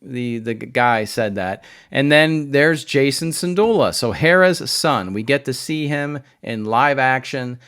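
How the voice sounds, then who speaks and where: Smooth-voiced sarcastic man reviewing. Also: mid-range voice, lively intonation, a little slow, hardly any pauses, fairly bright tone. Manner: sarcastic, rambling, many fillers. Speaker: video reviewer. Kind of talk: casual review vlog.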